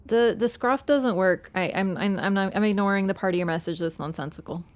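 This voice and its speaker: Wearing an earbud headset, a woman who streams games talks briskly in a mid-range voice. She's playful and chatty in casual live-stream conversation, addressing her cat between lines and laughing readily.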